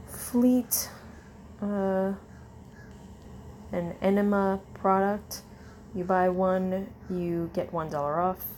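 A woman in casual chat, reading a long list of coupons in a slow, tired way, with fillers and self-corrections. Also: medium pitch, a little mellow, slight background noise. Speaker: vlogger.

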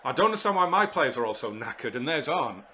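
A man commentating live on his football management game, exasperated and muttering to himself, with sudden shouts when goals go in. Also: mid-range voice, sing-song, fast, a little hiss or hum. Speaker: gaming YouTuber.

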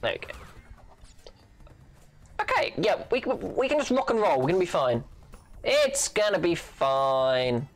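Goofy, lively let's-play host. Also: medium pitch, normal speed, pauses often, faint music behind. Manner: playful and goofy, with silly sound effects. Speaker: gaming channel host.

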